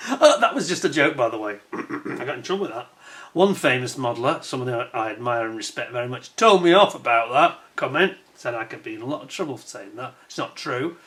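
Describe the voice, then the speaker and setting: A man's voice: mid-range voice, lively intonation, a little fast, fairly bright tone. A man hosting his own channel in casual chat to camera, chatty and self-deprecating, and he laughs often. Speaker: scale-model channel host.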